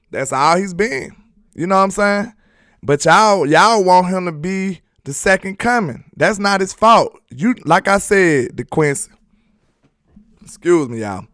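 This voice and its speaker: A man's voice: high-pitched, fairly bright tone, no echo, clean studio sound. A man hosting a casual sports live stream, reading viewer comments aloud in a loose, slangy, repetitive way and laughing often.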